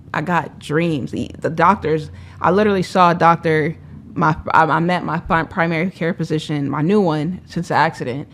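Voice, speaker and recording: A young woman telling her life story as a podcast guest, emphatic and animated, acting out the voices of people she quotes. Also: low-pitched, slight background noise. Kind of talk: candid storytelling.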